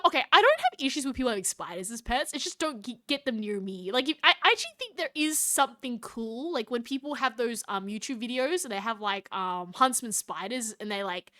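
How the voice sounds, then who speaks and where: A woman's voice: fairly high pitch, bright, forceful tone. A young Australian woman chatting casually on a live stream, giggly and reading chat aloud. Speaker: VTuber streamer.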